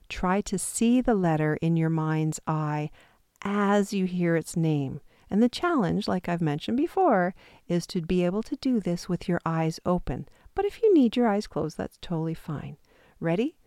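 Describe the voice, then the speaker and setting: A woman calmly and patiently leading a guided intuition exercise step by step, with the odd self-deprecating aside. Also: on the low side, dry recording, clean studio sound. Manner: calm, patient step-by-step instructions. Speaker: intuition teacher.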